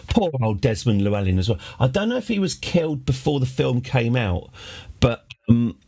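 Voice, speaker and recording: A man's voice: mid-range voice, a little mellow. A man chatting casually on a live stream, rambling and wry, with many restarts. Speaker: game streamer.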